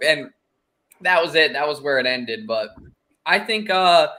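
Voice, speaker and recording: Bright-voiced, animated podcast guest. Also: male voice, on the high side, a little slow. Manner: animated storyteller. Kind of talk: casual sports podcast chat.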